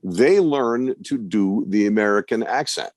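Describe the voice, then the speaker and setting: An older man who coaches broadcasters gives confident, wry advice as a guest speaker in an online Q&A over video call, telling stories with liveliness. His voice is on the low side and measured, with no room sound.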